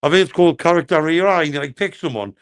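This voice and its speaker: Gravelly, rambling man telling stories. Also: fairly high pitch, fast talker. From Cumbria, England. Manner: rambling anecdotes, laughs often, sweary. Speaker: co-host of a live stream. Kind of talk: crude casual banter.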